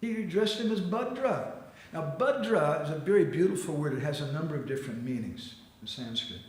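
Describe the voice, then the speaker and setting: A man giving a storytelling sermon in a temple hall, animated, acting out quotes and laughing often. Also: fairly high pitch, a little fast. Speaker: spiritual teacher giving a class.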